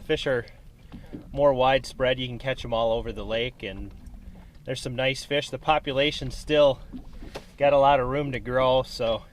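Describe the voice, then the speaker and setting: A man narrating casually while fishing from a boat on a lake, relaxed and chatty, breaking into excited whoops when a fish bites. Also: mid-range voice, moderate pace, slight background noise. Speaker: fishing vlogger.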